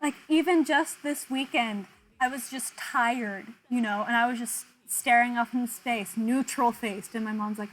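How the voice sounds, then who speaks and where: A woman's voice: a little high, normal speed, poor audio. A young woman streamer chatting casually with viewers, self-deprecating and laughing often. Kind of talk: casual chat with viewers while drawing.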